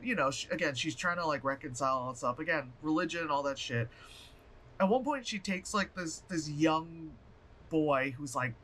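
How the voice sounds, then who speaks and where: A man chatting through a movie review vlog, animated and profane, rambling with fillers and laughs. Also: fairly high pitch.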